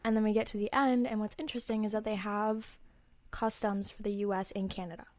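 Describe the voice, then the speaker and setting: A young woman telling a story in a casual chat, animated and laughing often. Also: mid-range voice, a little fast, no room sound. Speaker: guest.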